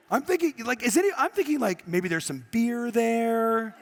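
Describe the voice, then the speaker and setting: Middle-aged man, high voice, motivational seminar talk, animated storytelling. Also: normal speed. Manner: animated storyteller, acts out quotes. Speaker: business coach on stage. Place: event room with live audience.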